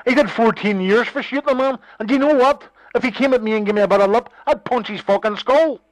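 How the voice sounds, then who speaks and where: A man's voice: extremely high pitch, fast, no room sound, rough recording. A man in a heated phone argument, scornful, combative and swearing freely. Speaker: phone call participant.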